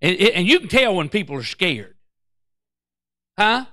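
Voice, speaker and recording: A male pastor, telling a story in an excitable, stammering sermon that breaks into song. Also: high-pitched, unhurried, dry recording, studio quality.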